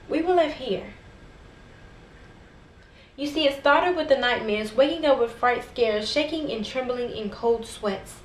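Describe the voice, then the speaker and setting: A woman giving a dramatic, rhythmic spoken word poetry performance that swells to impassioned intensity. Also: high-pitched. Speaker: poet. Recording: echoey room with faint background noise.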